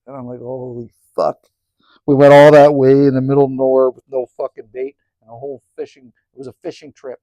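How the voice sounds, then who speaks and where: A man's voice: mid-range voice, fast, hardly any pauses, no room sound, lo-fi sound. A man casually telling a story by a woodstove, laid-back and cursing freely, close to the mic. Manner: laid-back, swears freely, animated when retelling. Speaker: cabin vlogger.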